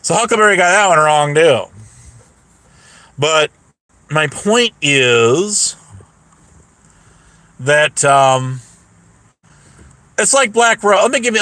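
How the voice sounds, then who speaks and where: Male stream host, profane, animated storyteller, high lively voice, dry close sound. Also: dry recording. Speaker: YouTube livestream host. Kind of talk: casual rant to live chat.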